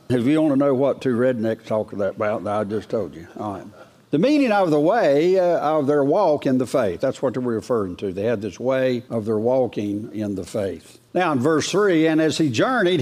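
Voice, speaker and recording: A man preaching a folksy verse-by-verse sermon, lifting his voice to read scripture aloud and asking his listeners questions along the way. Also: a little mellow. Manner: folksy, rises in pitch when reading scripture aloud; asks the congregation questions.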